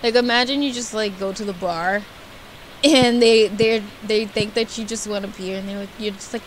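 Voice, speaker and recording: A young adult woman streaming a video game, chatting casually and rambling, playfully yelling at enemies. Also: medium pitch, fairly even intonation, moderate pace, a crowd in the background, low-quality recording. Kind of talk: casual gameplay commentary. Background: game music.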